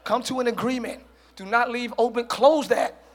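A man preaching a sermon as pastor to a congregation, using slang and acting out quick quoted voices. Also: extremely high pitch, steady tone. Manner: preaching with call-and-response and shouted peaks. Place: church hall with congregation.

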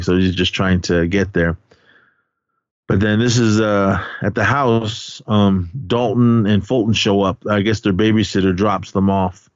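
A man's voice: on the low side, clean tone, no room sound, muffled recording. Rambling man recapping a movie. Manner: rambling, full of fillers and restarts. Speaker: podcast co-host.

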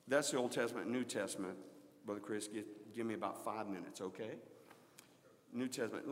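A middle-aged man preaching a sermon, swinging between loud exclaiming and quiet storytelling. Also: medium pitch, long reverb tail.

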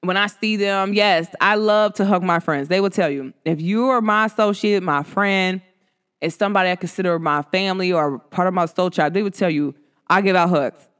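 A woman's voice: lowish voice, normal speed, a bit bright, clear, resonant tone. Chatty, slangy woman talking to listeners. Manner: chatty, slangy, asks listeners many questions; laughs while telling stories. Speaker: podcast host. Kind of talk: casual talk to listeners.

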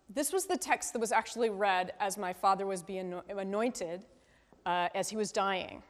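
A woman leading a conversational Bible study, thinking aloud and asking the group questions with a frequent "right?". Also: medium pitch. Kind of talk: conversational scripture teaching. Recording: long reverb from a hall.

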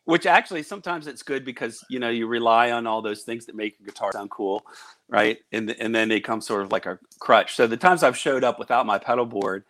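Relaxed chuckling guitarist guest. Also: male voice, medium pitch, a little fast. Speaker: guest musician. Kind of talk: casual chat.

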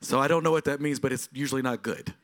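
A middle-aged lead pastor with a mid-range voice talks fast as he preaches. His sermon unfolds like a story, shifting between quiet moments and emphatic passages.

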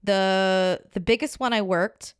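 Woman comic on a podcast, lively storytelling, smooth clear voice, dry close mic. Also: medium pitch, dry recording. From New York. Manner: animated storytelling, quick asides and quoted voices. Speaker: comedian guest. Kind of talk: podcast conversation.

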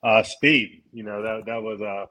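A man's voice: lowish voice, steady tone, a little slow, bright, forceful tone, poor audio. A man chatting on a podcast in a hesitant way, filling his sentences with "you know" and "uh". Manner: hesitant, many fillers. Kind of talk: casual podcast chat.

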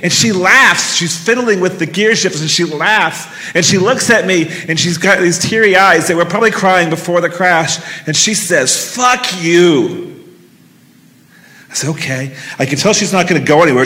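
On stage with a handheld mic, a middle-aged man tells a personal story live, earnest and vivid, swearing casually. His high-pitched voice sounds pushed and bright, echoing with the long reverb of a hall.

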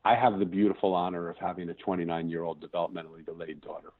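Interview guest, male, 50s, low husky voice, earnest and searching, tinny phone-quality audio. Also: little pitch movement, very fast. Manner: earnest, searching for words, restarts sentences. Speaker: podcast guest. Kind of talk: reflective personal storytelling.

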